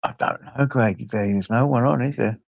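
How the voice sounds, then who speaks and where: A man's voice: medium pitch, a little fast, creaky, no room sound. An older man with an English accent hosting a late-night livestream, rambling and greeting viewers by name, swearing freely. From England. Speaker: livestream host. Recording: dull lo-fi stream audio.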